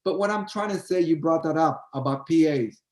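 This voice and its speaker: A man's voice: fairly high pitch, a little fast, darkish tone, reverberant, low-quality recording. An older man, a choreographer and guest, telling a story in a casual chat and acting out both sides of the remembered dialogue.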